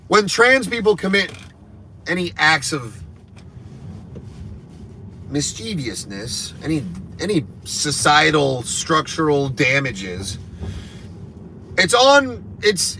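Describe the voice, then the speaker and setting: A man with a bright, forceful, slightly high voice rants crudely and rambles on a live stream while he drives. Faint car noise hums under his talk, recorded inside the vehicle. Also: sing-song. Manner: crude, rambling, deliberately offensive. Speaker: comedian. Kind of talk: provocative live stream rant while driving.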